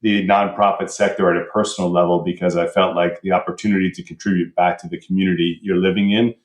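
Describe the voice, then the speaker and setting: A man's voice: deep voice, level tone, fast talker. A middle-aged man with a Basque Spanish accent, a podcast guest who speaks in a composed, articulate way. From United States. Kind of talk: podcast interview. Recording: echoey room.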